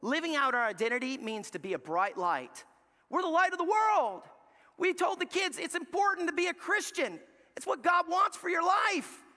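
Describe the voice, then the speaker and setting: A man preaching a sermon as pastor, telling a family story with lively acted-out dialogue. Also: extremely high pitch, moderate pace. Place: large church sanctuary. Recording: live church hall reverb.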